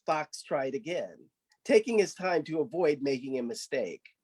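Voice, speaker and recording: A man's voice: a little high, very animated, measured pace, darkish tone, slightly rough. A man reading his own folk-tale story aloud, narrating animatedly.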